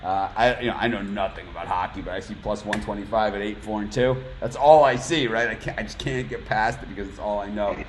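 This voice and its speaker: A man's voice: on the low side, brisk, hardly any pauses, a little hiss or hum, poor audio. A man hosting a casual sports betting chat, telling jokey stories between picks. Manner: chatty, jokey storyteller. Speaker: host.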